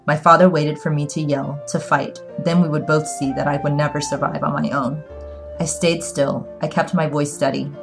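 A woman narrating a story in the first person, reading in a measured, earnest way. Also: low voice, fairly even intonation, gravelly, over music. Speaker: audiobook narrator.

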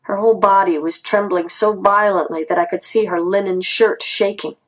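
A woman reads a first-person story aloud in an earnest, tense manner. Her voice is husky and breathy, sitting in a middle pitch. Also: steady tone, normal speed, rough recording. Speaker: audiobook narrator.

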